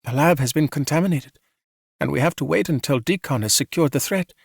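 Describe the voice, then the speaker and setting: A man's voice: on the high side, fairly quick, vocal fry, breathy edge, no echo, studio quality. A man voicing a cold, ruthless woman commanding officer with clipped, commanding speech. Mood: stern. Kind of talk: audiobook character voice.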